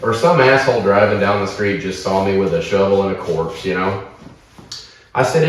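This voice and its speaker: A man from Oklahoma, co-hosting a podcast and telling a story in a casual, animated, profane way. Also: low voice, normal speed. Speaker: podcast co-host. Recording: echoey room, mic at a distance.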